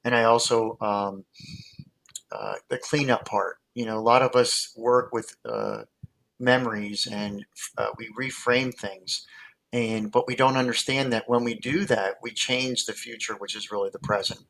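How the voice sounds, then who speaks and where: A man's voice: mid-range voice, animated, unhurried, creaky, fairly bright tone, rough recording. A man with an ordinary mid-range voice speaks as a hypnotist guest over a video call. He rambles through his points and tells stories, stopping and restarting sentences as he goes. A faint hiss of noise sits under his voice. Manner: rambling, storytelling with many fillers and restarts. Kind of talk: casual conversational explanation.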